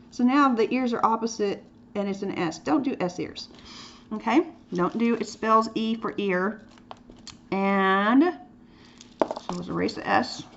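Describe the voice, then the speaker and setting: Chatty woman teaching drawing, lo-fi. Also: mid-range voice. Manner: playful, chatty, with whispered asides. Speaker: art teacher. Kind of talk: drawing lesson demonstration. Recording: dull lo-fi sound with faint noise.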